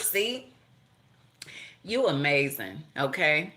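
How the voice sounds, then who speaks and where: A woman's voice: fairly low pitch, measured pace, fairly bright tone. Profane, blunt woman reading tarot. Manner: profane, blunt, laughing asides. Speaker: tarot reader. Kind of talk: casual tarot reading monologue.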